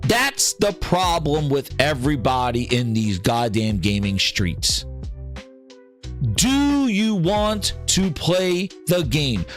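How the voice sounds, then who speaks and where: A man's voice: a little high, big pitch swings, takes it slowly, faint music behind. Profane ranting gaming podcast host, man. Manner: profane, heated, sarcastic.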